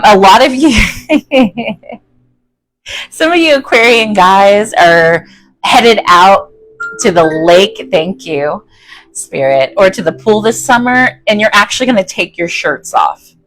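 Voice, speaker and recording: A woman's voice: medium pitch, low-quality recording. A woman giving a chatty, folksy tarot reading to her viewers, often checking in with "okay?". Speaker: tarot reader.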